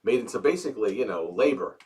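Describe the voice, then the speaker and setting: A man co-hosts a loose, playful chat, and his pitch swoops up and down as he talks. He sits back from the mic, so he sounds a little distant. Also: fast talker. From United States. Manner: animated, playful, trails off and restarts. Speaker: co-host. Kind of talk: casual chat.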